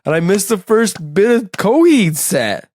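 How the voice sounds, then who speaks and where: A man co-hosting a podcast, chatting casually and telling animated, self-mocking stories with profanity. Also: sits high, a little slow, dry recording, studio quality. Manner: animated storytelling, acts out his own scared drunken voice in quotes. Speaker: podcast co-host. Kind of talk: casual chat.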